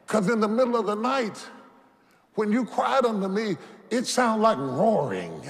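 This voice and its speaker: A man preaching a sermon as a bishop, impassioned, building to shouts and having the congregation repeat phrases after him. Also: sits high. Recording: reverberant hall with faint background noise.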